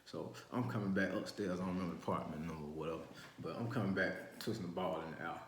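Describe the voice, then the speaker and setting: A man's voice: low voice, quick pace, slight background noise. A man, telling a story from his youth in rambling street slang, with many restarts. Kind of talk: casual first-person storytelling. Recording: roomy echo.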